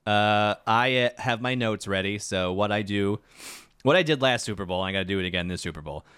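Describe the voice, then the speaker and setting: A man co-hosting a podcast in casual chat, telling jokey stories in an animated way. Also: on the low side, fairly quick, clear, resonant tone, no room sound, studio quality. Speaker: podcast co-host.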